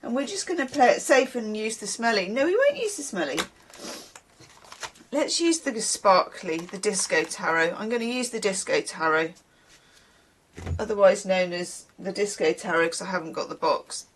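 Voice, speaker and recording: A woman in mid-range pitch who talks with a bouncy, lively lilt. She chats casually to camera as a tarot reader, wandering off into tangents and dry little asides. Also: normal speed, a little hiss or hum. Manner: chatty and rambling, with wry asides.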